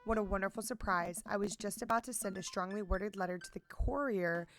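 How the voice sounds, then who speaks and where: A woman's voice: mid-range voice, fairly quick, soft background music, lightly acted. Dramatic gothic neighbor, voiced by a woman gamer, formal and grand. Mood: grandly formal. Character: gloomy, theatrical gothic neighbor man.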